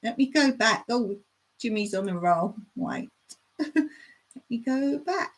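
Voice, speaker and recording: A woman chats on a relaxed home live stream, rambling from one thing to the next and reading viewer comments out loud. Her voice sits fairly high, and she talks at an unhurried, leisurely pace. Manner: chatty, rambling, reads viewer chat aloud and laughs often. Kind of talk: casual live stream chat. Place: home in the countryside.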